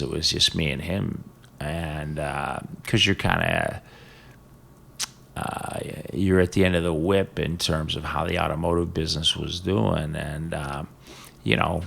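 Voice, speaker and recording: An older man from Ohio, a business executive as guest, telling stories about his family in a halting, reflective way with fillers. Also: deep voice, steady tone, creaky, fairly bright tone. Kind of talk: casual interview conversation.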